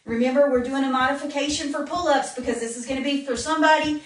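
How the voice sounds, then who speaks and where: A woman's voice: high-pitched, fairly even intonation, fast talker. A woman fitness instructor demonstrating modified exercises live, out of breath as she coaches and counts reps. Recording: roomy, distant phone-camera sound.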